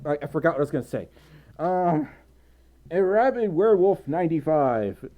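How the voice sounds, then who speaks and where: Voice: medium pitch, expressive, moderate pace, narrow, tinny audio. A live streamer chatting casually and reading out donations, giggling, rambling and running themselves down. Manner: giggly, rambling, flustered, self-deprecating.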